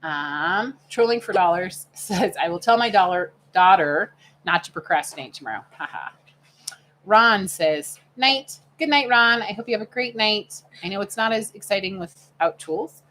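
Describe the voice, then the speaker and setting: A woman's voice: mid-range voice, animated, normal speed, sharp tone. Middle-aged woman, livestream co-host, chatty, motherly, reads comments aloud, faint background noise. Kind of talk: casual livestream chat.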